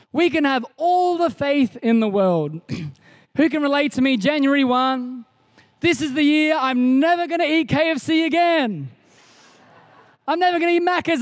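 A man, preaching a sermon in a church auditorium with energetic bursts into shouts. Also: very high voice, dry recording. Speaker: pastor.

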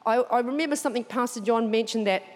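A woman giving an animated sermon testimony in church, telling her story expressively. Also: fairly high pitch, quick pace, in a large hall. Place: church auditorium.

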